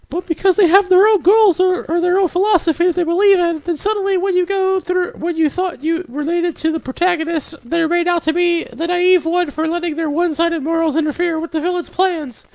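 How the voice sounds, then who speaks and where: A man voicing a shy, bookish teenage girl in a high falsetto, hesitant and apologetic, in a visual novel read-aloud. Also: fairly even intonation, fairly quick, gravelly, a little mellow, no echo. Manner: hesitant, stammering, rambles then apologizes.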